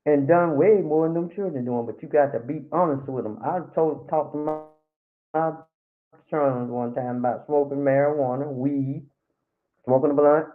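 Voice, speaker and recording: A woman's voice: deep voice, normal speed, faint music behind. An outspoken middle-aged woman gives her testimony at a Bible study. She talks bluntly and emphatically, with a streak of dry humor. The sound is thin and tinny, like it is coming through a phone line. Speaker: church member giving testimony.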